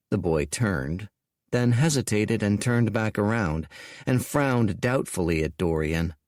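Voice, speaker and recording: Brief: measured male audiobook reader, deliberate pacing, dry studio sound. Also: lowish voice, dry recording. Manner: slow, deliberate, expressive reading. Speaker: audiobook narrator. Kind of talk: scripted audiobook narration.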